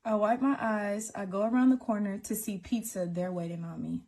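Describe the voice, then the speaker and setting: A woman's voice: medium pitch, steady tone, darkish tone. A woman telling a dramatic personal story, acting out what was said. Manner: dramatic, reenacts quotes, fast retelling. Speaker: storyteller in a played clip.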